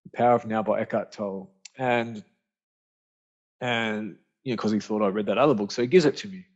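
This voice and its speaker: A man's voice: fairly low pitch, brisk. Slangy man telling a story. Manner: animated storyteller, acts out quoted friends, slangy. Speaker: podcast guest, author and speaker. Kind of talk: storytelling in casual conversation. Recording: muffled lo-fi audio.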